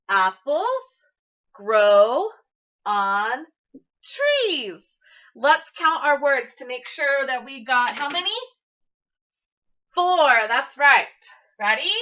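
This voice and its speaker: A woman teaches young children in a bright, high voice that leaps up and down. She talks slowly and encourages warmly. The recording sounds a bit dull. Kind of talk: early-grade classroom lesson to camera. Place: classroom.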